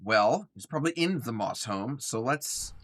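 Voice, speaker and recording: A mid-range, slightly bright male voice, expressive and at normal speed, comes through with slight background noise. The young man casually chats while live-streaming a game, reading the chat aloud and talking to himself, sounding tired and a bit yawny.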